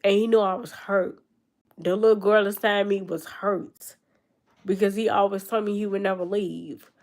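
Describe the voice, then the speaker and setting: Young woman vlogger, home room, gravelly fry, loose reflective chat. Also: medium pitch, fairly even intonation, normal speed, a little mellow. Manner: reflective, loose and conversational, many fillers. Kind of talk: casual talk to camera. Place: her grandmother's room at home.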